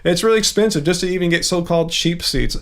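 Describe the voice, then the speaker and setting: A man's voice: high-pitched, fast. A middle-aged man hosting a livestream, chatting casually and ranting as he answers viewer comments. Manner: chatty, ranting, animated asides. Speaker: livestream host.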